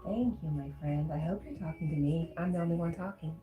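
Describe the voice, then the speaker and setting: A woman's voice: deep voice, a little fast, narrow, tinny audio. A woman hosting a casual livestream, reading viewer comments aloud and laughing often. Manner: chatty, laughs often, reads chat aloud. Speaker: livestream host. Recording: roomy echo with faint music.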